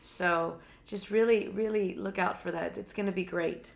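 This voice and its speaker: A woman co-hosting a live stream of psychic readings, speaking quietly and a little hesitantly because her throat is sore, often repeating words as she searches for her impressions. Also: mid-range voice, fairly even intonation, moderate pace, vocal fry. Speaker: psychic reader, co-host.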